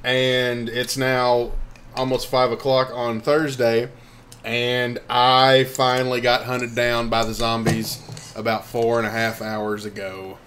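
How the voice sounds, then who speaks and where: A man's voice: medium pitch, level tone, a bit bright, a little hiss or hum. A young man co-hosting a casual chat show, joking and rambling. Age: young adult. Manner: joking, rambling, quick to laugh. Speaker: co-host.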